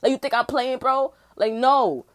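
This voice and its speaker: A woman telling a story in a casual, heated rant, swearing often and acting out what other people said. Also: moderate pace. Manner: profane, swings between loud outbursts and low mutters; acts out other people's lines mid-story. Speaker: tarot channel host.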